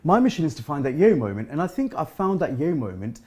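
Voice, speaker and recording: A man's voice: a little high, sing-song, fast, darkish tone. A man appearing as a guest on a charity broadcast, telling a story in a laid-back, jokey way, often saying "you know" and "right". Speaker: guest filmmaker and singer. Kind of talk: casual talk-show storytelling.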